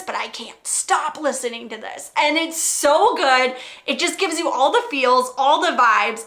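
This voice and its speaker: A woman reviewing books in a casual chat, telling stories with excitement, acting out quotes and pleading with emphasis. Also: high-pitched. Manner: excitable storyteller, acts out quotes. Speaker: book reviewer. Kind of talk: casual book recommendation chat.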